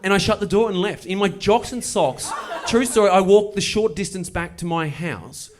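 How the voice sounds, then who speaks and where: A man doing stand-up, telling a story with wry, deadpan delivery and playful asides. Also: sits high, moderate pace. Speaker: stand-up comedian. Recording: live show with audible noise. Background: audience laughter.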